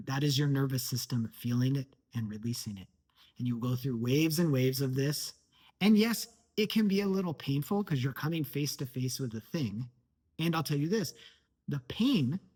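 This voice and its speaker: Man, life coach, motivational talk, husky voice, earnest, emphatic. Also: medium pitch.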